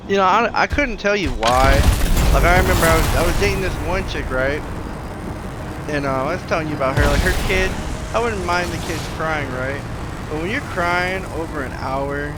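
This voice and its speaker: A man's voice: a little high, normal speed, very noisy. A young man chatting casually on a podcast, rambling with lots of "like" and "right?", acting out the people in his stories. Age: young adult. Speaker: podcast co-host. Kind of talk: casual chat.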